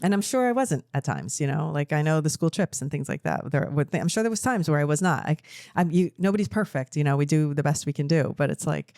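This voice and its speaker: A woman's voice: sits low, animated, fairly quick, few pauses, warm tone, no echo, clean studio sound. A middle-aged woman co-hosting a podcast, chatting casually and telling emotional, rambling stories. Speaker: podcast co-host. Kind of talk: casual chat.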